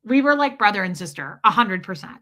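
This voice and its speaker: A woman's voice: medium pitch, animated, brisk, pushed and bright. A woman hosting a livestream in casual chat with viewers, telling stories freely, laughing and swearing as she goes. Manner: chatty storyteller who laughs and swears freely. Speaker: livestream host.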